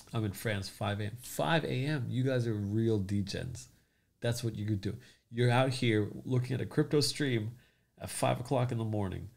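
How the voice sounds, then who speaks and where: A man's voice: on the low side, gravelly, darkish tone. A man hosting a crypto livestream in a casual chat, loosely joking and greeting commenters by name.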